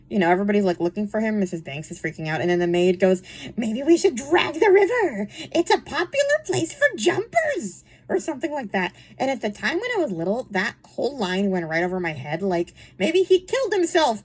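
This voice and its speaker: A woman's voice: mid-range voice, a little mellow. A young woman reviewing books in a casual, chatty way, full of fillers and frequent laughter. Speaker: book reviewer. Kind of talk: casual chat.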